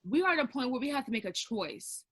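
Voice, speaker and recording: A woman rants emphatically in a casual group chat. Her voice sits a bit high and bright. She mocks others by quoting them, in a dry, close sound. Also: sing-song, fast, slightly rough, dry recording, rough recording. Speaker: podcast co-host.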